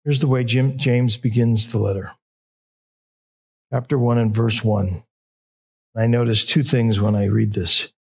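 A man's voice: medium pitch, steady tone, measured pace, vocal fry, long pauses, husky. A middle-aged man preaching a sermon in a conversational way, often correcting himself mid-sentence. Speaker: pastor.

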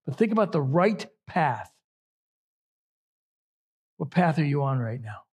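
Middle-aged guy preaching, kinda husky, a bit high, slow and thoughtful. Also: big pitch swings. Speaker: pastor. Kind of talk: sermon.

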